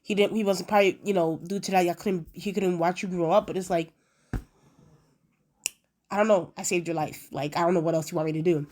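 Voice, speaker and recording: A woman in a casual episode review, chatty and animated, acting out quotes with lots of fillers. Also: lowish voice, fairly quick. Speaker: video reviewer.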